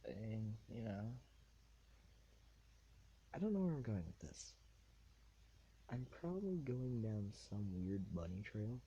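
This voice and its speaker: A man's voice: fairly low pitch, big pitch swings, slow pace, long pauses, mellow, husky, lo-fi sound. A man hosting a solo podcast, talking in a rambling, laid-back way full of fillers, recorded on a tablet. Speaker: podcast host.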